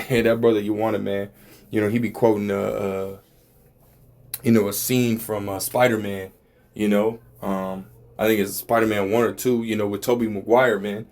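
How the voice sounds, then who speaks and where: A man's voice: on the low side, level tone, moderate pace, a little mellow. A man giving a casual religious talk, rambling and profane, with many filler words.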